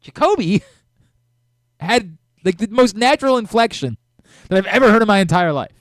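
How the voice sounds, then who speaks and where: A middle-aged man hosting a sports radio talk show, talking in an animated way with frequent restarts and self-corrections. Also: sits high, moderate pace, no room sound, studio quality.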